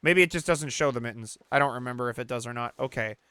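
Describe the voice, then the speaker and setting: Male let's-play host, casual commentary, excitable and profane, with a dry, close sound. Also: medium pitch, quick pace, smooth, dry recording. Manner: excitable, swears and shouts at misses; talks to the player character and the audience.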